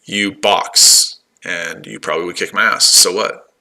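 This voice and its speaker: A man's voice: deep voice, fairly even intonation, measured pace, pushed and bright. A man in his forties talking casually on a livestream, combative and taunting, repeating himself. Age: 40s. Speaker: livestream host.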